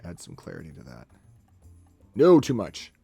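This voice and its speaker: A man talking casually on a live stream as he edits photos, narrating each step aloud in a chatty way. His pitch swings widely as he goes, with faint music playing behind him. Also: big pitch swings, vocal fry, mellow, slightly rough, no room sound. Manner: chatty, talks himself through each step, quick laughs.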